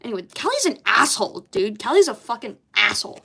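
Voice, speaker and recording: A woman's voice: fairly high pitch, sing-song, quick pace, gravelly, sharp tone, husky. A young woman in casual chat, bemused, swearing often and laughing at herself as she goes through old childhood drawings. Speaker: artist reviewing her childhood comics.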